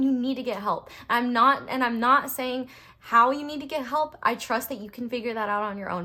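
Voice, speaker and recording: Bright, blunt young woman reading tarot. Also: a little high. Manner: blunt, passionate, fired up, lots of "like". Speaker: tarot reader. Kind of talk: casual spoken tarot reading.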